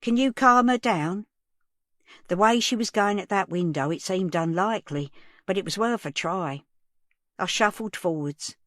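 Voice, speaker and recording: A woman narrates an audiobook in a plain storytelling manner. Her voice sits on the low side. The studio recording is close and dry, with no room sound. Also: normal speed, dry recording. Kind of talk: first-person audiobook narration.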